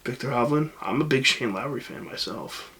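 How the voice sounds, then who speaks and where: A man's voice: mid-range voice, normal speed, pushed and bright, a little hiss or hum. Joking man in podcast banter. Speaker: podcast co-host. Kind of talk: casual chat.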